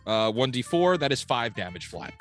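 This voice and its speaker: A male tabletop player chatting eagerly about his moves, quick to laugh. Bright, forceful voice with faint music in the background. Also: mid-range voice, big pitch swings. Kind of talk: casual tabletop chat.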